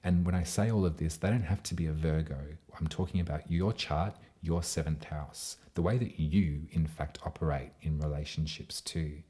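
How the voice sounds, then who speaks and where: Very deep-voiced man giving a heartfelt astrology reading. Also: steady tone, normal speed, few pauses. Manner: heartfelt, chatty, drifts into soft half-whispers. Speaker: astrologer and tarot reader.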